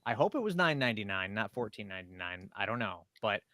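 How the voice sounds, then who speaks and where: A man's voice: on the low side, very animated, fast talker, bright, forceful tone, dry recording, clean studio sound. A man co-hosting a casual podcast chat, telling stories in a rambling, laid-back way. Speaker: podcast co-host.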